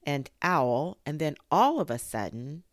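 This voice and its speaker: Humble muddled teddy bear, slow, low, a woman voicing, storybook reading. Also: big pitch swings, no echo, clean studio sound.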